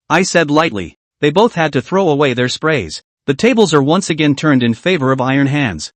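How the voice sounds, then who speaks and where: A man narrating a story recap in the first person, scripted and brisk. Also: on the high side, big pitch swings, dry recording.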